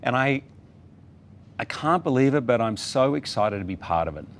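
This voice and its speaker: A man's voice: medium pitch, slight background noise. A middle-aged man from Australia, telling stories as a guest in a casual TV interview. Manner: animated anecdotal storytelling with quick asides.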